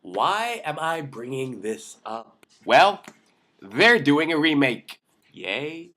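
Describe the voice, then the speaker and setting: A young man hosting a comedic film commentary vlog, sarcastic and excitable, ranting with jokes. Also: on the high side, slow. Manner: sarcastic, excitable, jokey rants. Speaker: vlog host.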